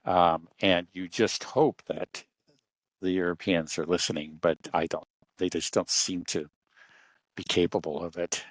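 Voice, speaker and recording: Deep-voiced man, halting and hesitant. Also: fairly even intonation, no echo. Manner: halting, many restarts and fillers. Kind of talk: casual political discussion.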